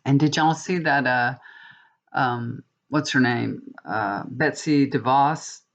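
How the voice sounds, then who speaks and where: A woman's voice: very deep voice, slow, muffled recording. A woman tarot reader chatting casually to her viewers, indignant and talkative, calling them y'all.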